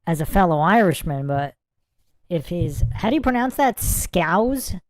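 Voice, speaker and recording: A man's voice: sits high, animated, moderate pace, dry recording. A man hosting a casual livestream, reading viewer chat aloud and musing over it. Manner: chatty, muses aloud, reads comments and look-ups aloud.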